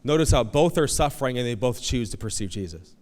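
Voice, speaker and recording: A man preaching a conversational, animated sermon as pastor, acting out quoted voices. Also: medium pitch, fast talker. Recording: long hall reverb.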